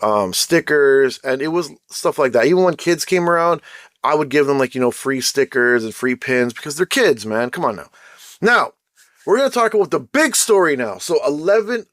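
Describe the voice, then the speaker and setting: Slangy, animated man telling a story. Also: mid-range voice, no room sound, clean studio sound. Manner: animated, slangy, acts out quoted people. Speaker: podcast host. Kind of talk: casual storytelling commentary.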